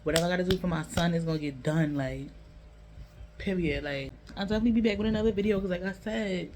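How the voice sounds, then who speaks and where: A woman's voice: lowish voice, quick pace, darkish tone, a little hiss or hum. A woman with a New York accent telling a personal story to her vlog audience in a candid, emotional way with lots of slang. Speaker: vlogger. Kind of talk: casual storytelling to camera.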